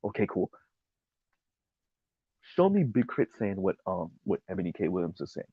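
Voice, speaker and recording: A man's voice: deep voice, very animated, normal speed, slightly rough, dry recording, highs cut off. A man giving an emphatic, sarcastic opinion commentary, often laughing at his own points.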